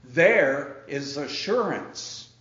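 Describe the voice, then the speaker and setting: Man preaching a sermon real slow n emphatic, muffled roomy church sound. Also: animated, fairly bright tone. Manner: acts out the Pharisees in a high, incredulous voice. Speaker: pastor.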